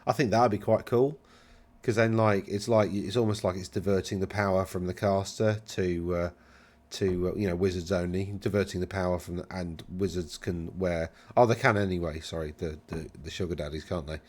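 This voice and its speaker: A man's voice: low voice, fairly even intonation, moderate pace, darkish tone. A man hosting a casual commentary, rambling, correcting himself and brushing things off with wry remarks. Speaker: channel host reviewing game rules.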